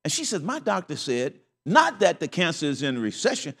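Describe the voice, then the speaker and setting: A man's voice: a little high, huge pitch swings, brisk, fairly bright tone, long reverb tail. An older man preaching a sermon as pastor, telling stories. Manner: folksy storytelling with laughs.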